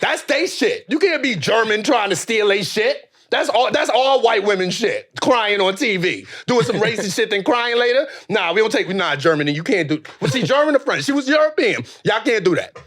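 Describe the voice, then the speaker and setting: A man hosting a podcast, talking in a casual comedic chat with animated, profane, joking rants. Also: sits high, moderate pace, few pauses. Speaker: podcast host.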